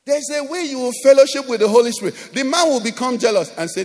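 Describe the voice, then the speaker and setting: A man with a Nigerian accent preaching a sermon as pastor, animated, acting out quoted voices and often asking "do you understand?". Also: extremely high pitch, quick pace. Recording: long hall reverb.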